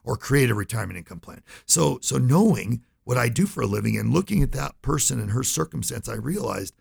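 A man's voice: mid-range voice, lively intonation, fairly quick, creaky, few pauses, darkish tone, slightly rough. A middle-aged man, a financial advisor, telling a story in an interview and acting out the voices he quotes.

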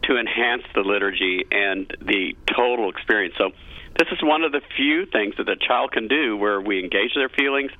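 Over a tinny, dry phone line, a middle-aged cathedral choir director gives an earnest, enthusiastic radio interview. His voice is on the low side at normal speed, with no room sound.

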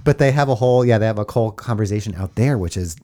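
Talking fast in a voice on the low side, a man on his podcast jokes his way through a horror movie recap, animated as he performs the characters' parts.

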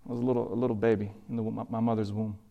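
A man giving an emotional sermon testimony, pleading, with halting repetitions as he tells his story. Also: on the low side, level tone, creaky, muffled recording.

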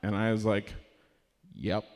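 Man, stand-up comedian, awkward halting delivery, fillers, live room with long reverb. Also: on the low side, level tone. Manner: shrieking impressions of strangers. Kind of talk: stand-up set. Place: small performance space with a live audience.

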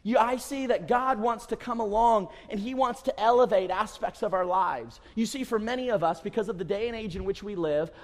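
A man's voice: high-pitched, fairly quick, few pauses. A man preaching a sermon in a church, emphatic and repetitive, stressing his points again and again. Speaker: pastor. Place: church sanctuary. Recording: long church reverb.

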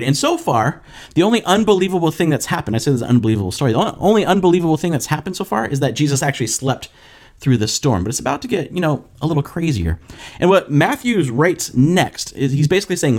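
A young man preaching a sermon on a podcast, telling the story with animated asides and acting out voices of the disciples and Jesus. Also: a little high, fast talker. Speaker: pastor.

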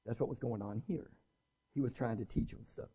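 A man preaching a sermon as pastor, animated and conversational, with asides to his congregation. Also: medium pitch, a little fast, husky, lo-fi sound.

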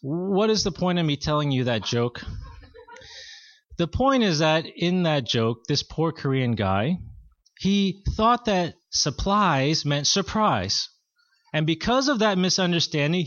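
A pastor delivers a sermon in a measured, earnest way, his voice sitting fairly high for a man. The sound is dry with no room echo, and a little dull, like a modest lo-fi recording. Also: a bit bright.

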